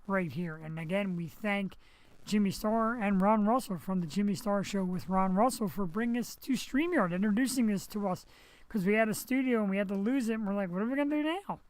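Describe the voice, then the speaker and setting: Streaming from his home setup on a headset mic, a host with a high-pitched voice talks briskly. While recovering from surgery, he chats casually and wanders through jokey asides, and the recording quality is low.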